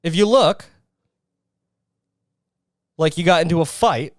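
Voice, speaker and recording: A man's voice: a little high, takes it slowly, dry recording, clean studio sound. A man hosting a podcast, ranting in a crude, sarcastic and mocking way. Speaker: podcast host. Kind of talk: casual podcast rant.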